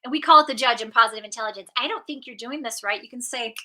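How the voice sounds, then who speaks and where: A middle-aged woman coach giving an animated motivational talk, acting out inner voices as she goes. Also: a little high, fast talker, poor audio. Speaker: positive intelligence coach.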